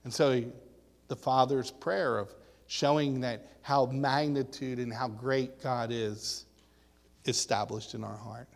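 A man's voice: mid-range voice, steady tone, slow, gravelly, big-room sound. A man preaching a sermon in a conversational, storytelling way, asking his listeners questions.

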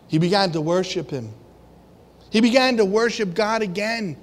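A man preaches at a moderate pace in a high voice, with long hall reverb around him. His sermon feels like a conversation: he asks the congregation questions and performs the roles of the people in the story.

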